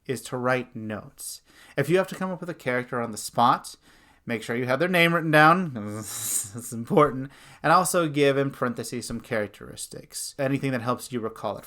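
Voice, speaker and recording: A man hosting a tutorial as a dungeon master, animated and breaking into demo voices as he explains. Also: mid-range voice, clear, resonant tone. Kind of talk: instructional video.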